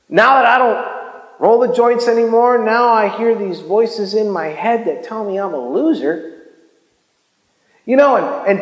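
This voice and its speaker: High-voiced man preaching in an echoey hall. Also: moderate pace. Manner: casual, animated, with many stammered restarts. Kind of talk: informal sermon. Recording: echoey hall with long reverb.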